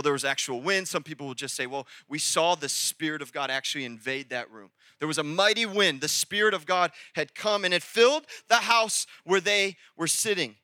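A man preaching a sermon as pastor, conversational and energetic, with sudden loud peaks. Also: sits high, no echo.

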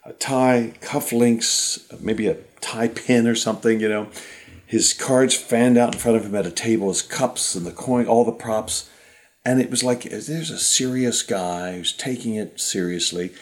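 A man in his fifties from Ohio, a magician guest telling lively anecdotes in casual conversation. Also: mid-range voice, a little slow. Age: 50s. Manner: animated anecdotes, mimics people he quotes. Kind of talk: casual storytelling.

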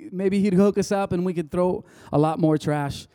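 Speaking at a normal pace, a pastor wanders through his sermon like a conversation, breaking off and restarting lines. His tone is clean, a touch high yet richly warm and mellow, captured close and dry with no echo or room sound.

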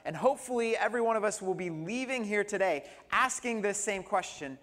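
A man's voice: sits high, expressive, a little fast, a bit bright, in a large hall. A man preaching a sermon as pastor, telling a humorous personal story. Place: church sanctuary.

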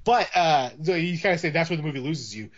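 Casting note: man co-hosting a movie chat, voice a bit high, rambling, lo-fi dull audio. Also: animated, fast talker, slight background noise. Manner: rambling, many restarts and fillers. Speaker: podcast co-host. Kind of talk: casual movie discussion.

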